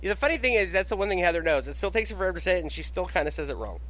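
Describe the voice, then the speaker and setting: A man hosting a casual podcast, excitable and quick with his banter, swearing freely. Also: high voice, rough recording. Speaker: podcast host.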